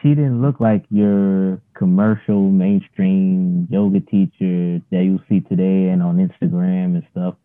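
A man's voice: low-pitched, steady tone, unhurried, few pauses. A man in his thirties telling a story as an interview guest, laid-back and rambling with lots of fillers. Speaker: guest, yoga practitioner. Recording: phone-like narrow line.

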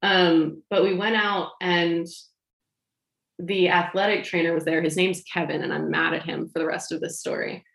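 A woman telling a long personal anecdote in casual chat, animated, laughing and acting out what others said. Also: on the low side, normal speed, vocal fry. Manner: animated, laughing, acts out quoted lines. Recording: roomy echo.

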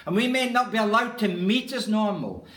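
Speaking at a moderate pace, a man with a high, fairly bright voice gives an earnest, emphatic sermon as pastor. The church room is echoey, and he leans on repeated key phrases for weight.

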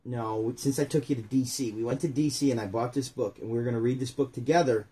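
A man co-hosts a casual chat, reading a children's book into a phone's front camera and poking fun at his own mistakes in a rambling, jokey way. His voice is mid-range and dark, fairly even in intonation, and quick.

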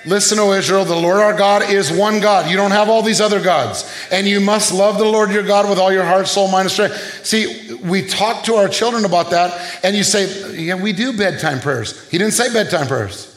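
A man with a high voice preaches a sermon, firing off questions and calling for responses. The sound rings out in an echoey room. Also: normal speed, few pauses. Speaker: pastor.

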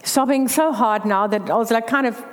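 A woman's voice: fairly high pitch, normal speed. A woman giving a candid faith testimony, telling her story earnestly. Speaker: speaker sharing a faith testimony. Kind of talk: personal testimony talk. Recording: long hall reverb.

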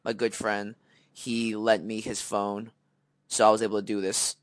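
A man's voice: fairly low pitch, normal speed, no room sound. A young man co-hosting a podcast, telling a story in a casual way, acting out the voices in it, with many fillers. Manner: animated storyteller, acts out quoted dialogue, many fillers. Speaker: podcast co-host.

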